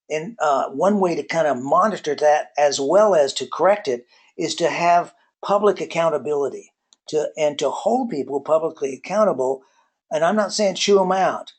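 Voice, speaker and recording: A man giving a relaxed webinar talk on workplace accountability, telling folksy personal stories with many pauses and filler words. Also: on the high side. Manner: folksy storyteller.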